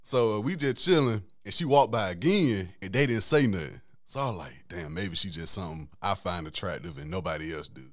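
A laid-back man with a fairly low voice tells a story in casual podcast chat. His pitch swings widely as he talks, and his delivery is slangy and easygoing, with frequent laughter. The sound is dry and close, with no room behind it. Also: animated, fairly quick, few pauses, no room sound. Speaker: podcast host.

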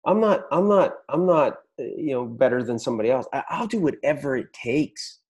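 Blunt, swearing man with a mellow voice. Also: medium pitch, lively intonation, a little fast, few pauses. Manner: blunt, swears a lot, pep-talk energy. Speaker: podcast host. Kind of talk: motivational business talk.

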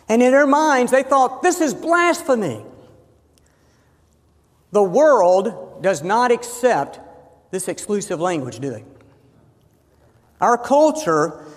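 Emphatic high-voiced male preacher. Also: long reverb tail. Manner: emphatic, slows and rises on key phrases. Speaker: pastor. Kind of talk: sermon.

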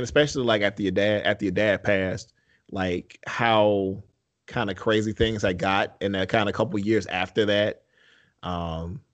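A man hosting a casual podcast chat, laid-back and slangy, often laughing as he tells stories. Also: fairly low pitch. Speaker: podcast host.

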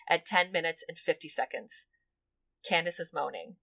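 A woman with a fairly low voice hosts a true crime podcast. She reads grim transcripts in a level, grave tone and talks between them in a casual, blunt way, with some swearing. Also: fairly quick, a bit bright. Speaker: podcast co-host.

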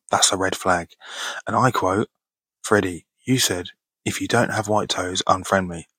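A man's voice: fairly low pitch, no room sound. A man around thirty hosting a casual Q&A podcast, reading out listener questions and answering them in a laid-back way, laughing often and swearing casually. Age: 30s. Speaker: podcast host.

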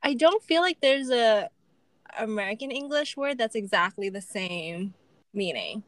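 Relaxed woman co-host thinking aloud. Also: a little high, a little slow, no room sound. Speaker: podcast co-host. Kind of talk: casual chat.

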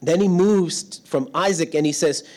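A man's voice: fairly high pitch, normal speed, darkish tone. A middle-aged man preaching a sermon in a church hall, telling stories about himself and laughing often. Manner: storytelling, self-deprecating, laughs often. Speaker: pastor. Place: church hall without windows.

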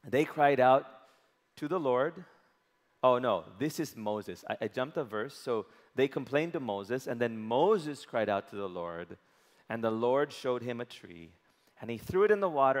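A man preaching a sermon, often asking the congregation questions and waiting for answers. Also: mid-range voice. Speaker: pastor. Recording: long hall reverb.

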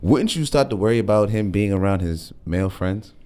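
A man's voice: on the low side, animated, fairly quick, dark tone. A man hosting a casual podcast chat, teasing his co-hosts and laughing often. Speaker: podcast host.

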